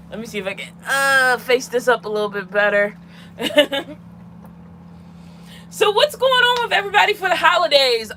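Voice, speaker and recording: A woman's voice: high-pitched, sharp tone, slight background noise, poor audio. A woman chatting casually on a livestream, giggly and talking to her cat, from inside her van. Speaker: vlogger hosting a livestream.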